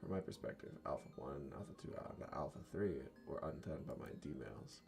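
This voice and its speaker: A man reads a visual novel aloud in a brooding, low-key first person. His voice sits very deep with a gravelly, mellow grain. Faint music plays under him. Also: animated, moderate pace. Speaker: narrator.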